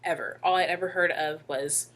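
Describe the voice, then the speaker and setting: A young woman telling a personal story to camera in a halting, emotional way with many fillers. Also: fairly low pitch, fairly even intonation, fairly bright tone. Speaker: vlogger.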